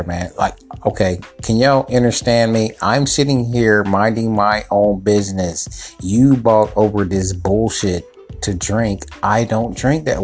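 Guy with a gravelly voice ranting and cussing, keeps saying man, faint music behind. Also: medium pitch. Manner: swearing, mocking, repeats "man". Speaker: show host. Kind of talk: profane comic rant.

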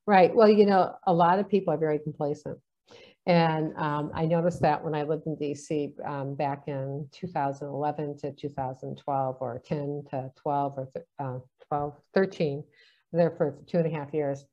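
A woman's voice: low-pitched, fairly even intonation, moderate pace, warm tone. A woman in casual conversation, chatty, telling stories and acting out the dialogue in them. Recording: dull lo-fi sound.

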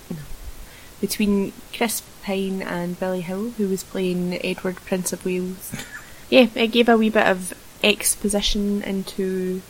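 A woman's voice: mid-range voice, poor audio. Playful young Scottish woman. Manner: playful, teasing, giggly. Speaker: podcast co-host. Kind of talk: casual film review chat. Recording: faint hiss.

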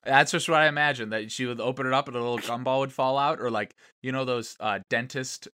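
A man's voice: medium pitch, steady tone, fast talker, sharp tone, clear, resonant tone, no room sound, clean studio sound. A man co-hosting a podcast, rambling through stories and going off on absurd, joking tangents. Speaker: podcast co-host. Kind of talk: casual chat.

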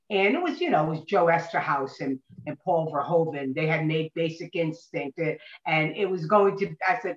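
A woman actress, a podcast guest, telling stories in an animated way and acting out what people said. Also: deep voice, normal speed, few pauses. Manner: animated, acts out quoted voices. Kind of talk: anecdotal podcast storytelling. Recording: dull, roomy recording.

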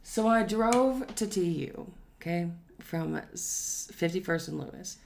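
A woman's voice: fairly low pitch, lively intonation, unhurried, gravelly, darkish tone. A young woman, a podcast co-host telling stories in casual chat, loose and profane, often laughing.

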